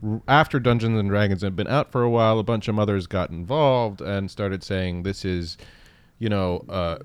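A man's voice: on the low side, brisk, clean tone, no room sound. A man hosting a casual interview podcast, joking and interrupting with quips. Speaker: podcast host.

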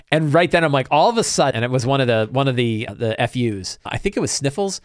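A man in a mid range recaps his tabletop campaign casually. He rambles and keeps adding quick asides. The recording is dry and close, with no room sound. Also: mid-range voice, lively intonation, dry recording. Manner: rambling storytelling with many asides and "right?". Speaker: podcast host and game master.

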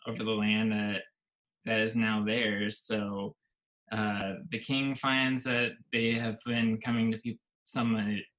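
Bright-voiced male pastor, measured. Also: fairly low pitch, little pitch movement, poor audio. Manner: measured, hesitant with "uh" fillers. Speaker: pastor and podcast guest. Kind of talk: casual podcast chat, summarizing scripture.

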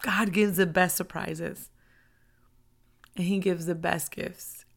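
A woman giving an impassioned, conversational devotional talk into a microphone, her fervent delivery rising to shouts. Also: lowish voice, steady tone, takes it slowly. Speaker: ministry preacher. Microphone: handheld microphone.

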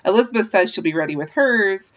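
A woman's voice: mid-range voice, lively intonation, fast talker, fairly bright tone, highs cut off. A woman co-hosting a podcast, chatting casually and animatedly about a book, laughing often. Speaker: podcast co-host. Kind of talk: casual chat recapping a book.

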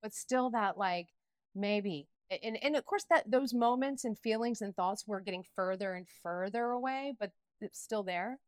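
A middle-aged woman speaking candidly as an interview guest, animated and emotional, with frequent restarts and laughter. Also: medium pitch, normal speed, no room sound. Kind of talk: candid personal interview talk.

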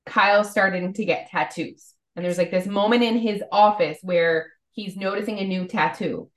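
A woman's voice: medium pitch, fairly even intonation, moderate pace, echoey room. A woman co-hosting a podcast, chatting casually and filling her talk with "like". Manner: chatty, lots of "like" fillers. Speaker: podcast co-host. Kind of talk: casual chat.

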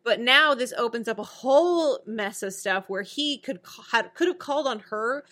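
Bright-voiced woman recapping a show. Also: on the high side, normal speed. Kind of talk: casual TV recap chat.

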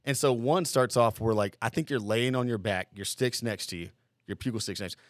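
A man's voice: mid-range voice, fairly quick, no echo, clean studio sound. A man telling boot camp war stories in a casual podcast chat, profane and rambling, full of filler words. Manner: rambling, profane, lots of "like" and "dude".

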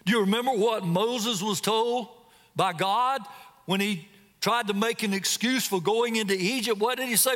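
A man's voice: high voice, normal speed, a bit bright, long reverb tail. A man preaching a sermon as a guest preacher, telling a scripture story dramatically and asking his listeners direct questions. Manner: asks the congregation direct questions.

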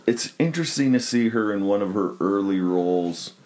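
A man casually talking about a movie with friends, relaxed and rambling, with many fillers. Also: fairly low pitch, moderate pace.

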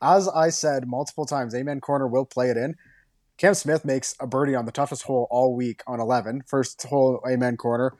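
A man co-hosting a sports podcast who talks quickly and keeps his analysis flowing with enthusiasm. His voice sits in a middle range. The recording is dry, with no room echo. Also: mid-range voice, fairly even intonation, darkish tone. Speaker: podcast co-host. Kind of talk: casual sports chat.

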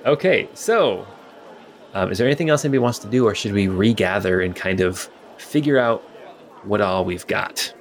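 A man's voice: lowish voice, expressive, normal speed. A man narrating as game master, rambling with many fillers and restarts.

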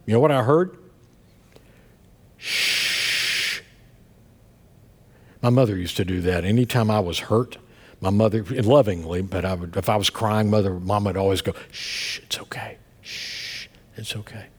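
A middle-aged male pastor preaching and telling a story to his congregation, swinging between soft murmurs and loud outbursts. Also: on the low side, brisk, husky. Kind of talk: sermon. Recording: long hall reverb.

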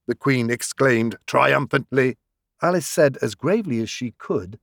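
A man reading a classic children's story aloud with expressive storytelling. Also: mid-range voice, normal speed, vocal fry, no echo, studio quality. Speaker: volunteer reader. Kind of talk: audiobook narration.

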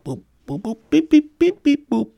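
A man putting on a high beeping alien voice, making boop and beep sounds. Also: wildly swooping pitch, moderate pace, vocal fry, muffled recording, heavily acted.

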